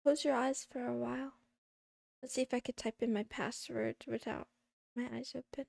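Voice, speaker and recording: A woman's voice: fairly high pitch, fairly even intonation, moderate pace, creaky, darkish tone, dry recording, clean studio sound. A woman streaming from her desk at home, chatting casually and playfully and teasing her chat. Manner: playful, teasing chat, meowing between remarks.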